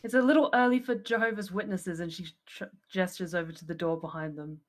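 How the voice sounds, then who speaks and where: A woman player in a tabletop game, calmly speaking in character and describing her actions. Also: lowish voice, a little fast. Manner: calm, polite, in character. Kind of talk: tabletop role-play.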